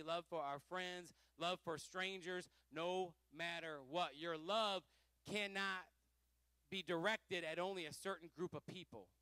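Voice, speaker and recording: Teaching a Pentecostal Bible study, this pastor speaks at a fairly high pitch with no echo. Fervent and lively, he laughs a lot and alternates between booming exhortations and quiet asides.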